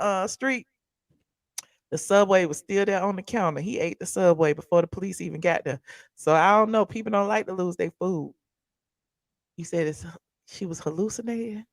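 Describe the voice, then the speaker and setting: Chatty woman with a gravelly voice. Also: fairly low pitch, no echo, clean studio sound. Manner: chatty, reacting to chat and video. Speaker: host of a pop culture commentary channel. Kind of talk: casual live commentary.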